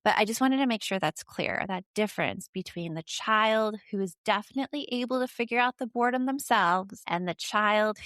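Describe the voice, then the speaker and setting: A woman hosting a parenting podcast talks in a casual, direct way, as if sitting across from the listener. Her voice sits at an ordinary mid pitch. The recording is close and dry, with no room sound around it. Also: a bit bright, dry recording. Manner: direct, speaks straight to the listener. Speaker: podcast host. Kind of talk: casual parenting advice talk.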